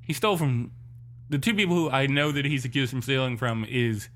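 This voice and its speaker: A man's voice: mid-range voice, fairly quick, fairly bright tone. A man hosting a podcast, asking the guest questions and musing aloud in a rambling way. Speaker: podcast host. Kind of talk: casual podcast interview.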